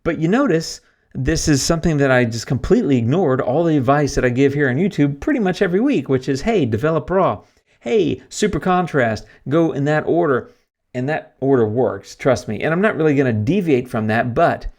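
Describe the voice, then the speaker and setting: Casting note: male tutorial host, relaxed and talkative, mid pitch, loose conversational delivery with fillers. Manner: chatty, self-deprecating, thinks aloud with fillers. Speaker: photography YouTuber. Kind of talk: casual screen-recorded editing tutorial.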